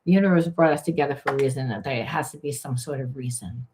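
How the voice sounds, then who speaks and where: A woman's voice: rumbling low, quick pace, darkish tone, a little hiss or hum. A woman spiritual coach giving a candid, emphatic spiritual reading, swearing freely and acting out the voices she quotes. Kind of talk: spiritual card reading monologue.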